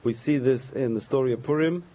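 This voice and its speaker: A man's voice: medium pitch, brisk, highs cut off. A man teaching a Torah class as a rabbi, telling stories and acting out the voices of the people in them. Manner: storytelling, acts out quoted voices.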